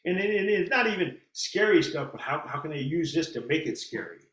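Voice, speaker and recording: Enthusiastic man with a bright voice. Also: on the high side, a little fast, reverberant. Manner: enthusiastic, animated storytelling. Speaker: haunted attraction owner, guest. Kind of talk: casual interview chat.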